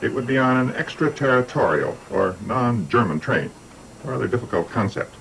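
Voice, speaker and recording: An older man presenting a documentary in measured, scripted narration with dry, wry asides. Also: mid-range voice, expressive, vocal fry, fairly bright tone, slight background noise, poor audio.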